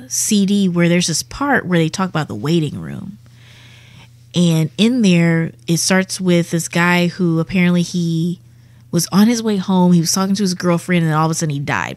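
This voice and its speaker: A woman's voice: fairly low pitch, lively intonation, moderate pace, a little mellow, dry recording. Profane young woman telling a vivid story. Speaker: comedian guest. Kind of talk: casual storytelling.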